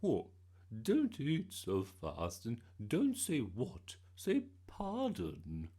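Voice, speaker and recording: A man putting on a proper old grandmother, slow and correcting. The voice lifts and sways, with a gravelly grain. A storybook gran. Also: mid-range voice, huge pitch swings, dark tone, pitched above the performer's own voice, exaggerated voice. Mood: prim. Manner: prim and correcting.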